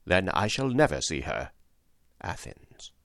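A man voicing a starved, defiant young male captive who answers in a weak, low voice. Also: animated, moderate pace, no room sound, studio quality.

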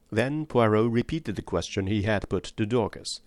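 A man narrating an audiobook in the first person with expressive, scripted storytelling. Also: on the low side, normal speed, hardly any pauses, no room sound.

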